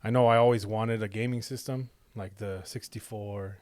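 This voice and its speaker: A man's voice: lowish voice, steady tone, moderate pace, darkish tone, dry recording. Laid-back man in his thirties, dry sound. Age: 30s. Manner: laid-back, profane storytelling. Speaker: podcast co-host. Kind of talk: casual chat.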